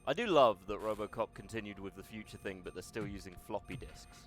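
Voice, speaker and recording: A wry man chatting his way through a video game stream, mocking himself and swearing now and then. His voice sits low, and faint game music plays behind him. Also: brisk. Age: older. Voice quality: wry, self-deprecating, swears casually. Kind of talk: casual gameplay commentary.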